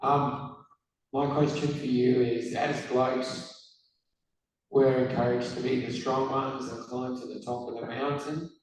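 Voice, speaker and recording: Hoarse man, echoey hall. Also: mid-range voice, flat delivery, a little slow, darkish tone. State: hoarse from a cold. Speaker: audience member asking a question. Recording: distant, echoey hall mic with faint room noise.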